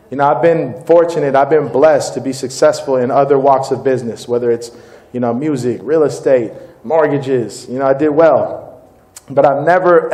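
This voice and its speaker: A man presenting as company CEO at a distributor meeting, slightly higher-pitched than most men. He talks informally and with energy, walking the crowd through a demo and then a pitch. The sound carries the echo of a reverberant meeting room. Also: a little mellow. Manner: upbeat, informal, keeps addressing the crowd as "guys". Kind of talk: live product demo and sales pitch. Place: meeting room with live audience.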